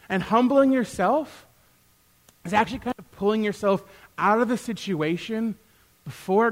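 High-voiced animated male preacher. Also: moderate pace. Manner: animated, acts out quoted exchanges with rising loudness. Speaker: pastor; youth worker. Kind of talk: sermon. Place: church.

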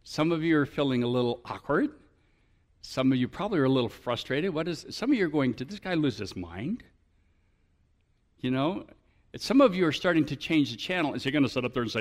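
A male pastor preaching a sermon to his church, often building up to animated, emphatic appeals. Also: high-pitched, normal speed.

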